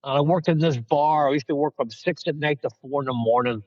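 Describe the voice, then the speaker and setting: A man's voice: on the high side, a little fast, darkish tone, no echo, highs cut off. A man from Northern Ireland with a Northern Irish accent, a guest speaker telling his recovery story frankly, sitting in his parked car. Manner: candid, storytelling, self-mocking. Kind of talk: personal recovery talk.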